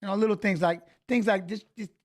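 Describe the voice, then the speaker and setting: High-voiced man telling a heated story. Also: fast. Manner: animated storytelling, swearing, restarts. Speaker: co-host of a fight preview show. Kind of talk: casual chat.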